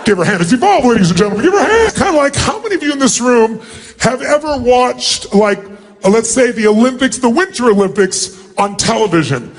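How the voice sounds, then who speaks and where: A man whose voice is extremely high and brisk leads thousands of people through an exercise at a live motivational seminar held in a large hall. Energetic and commanding, he calls out instructions to the crowd.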